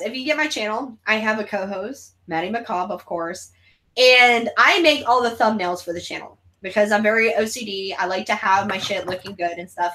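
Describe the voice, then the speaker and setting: A woman's voice: medium pitch, bright, forceful tone. A woman hosting a casual watch-along chat, giggly and crude, with frequent laughter. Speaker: channel host.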